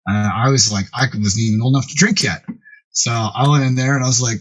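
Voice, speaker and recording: A man's voice: medium pitch, brisk, low-quality recording. A middle-aged man, a music producer, telling a long anecdote as a podcast guest and acting out what others said. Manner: animated, acts out quoted voices loudly. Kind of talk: casual storytelling.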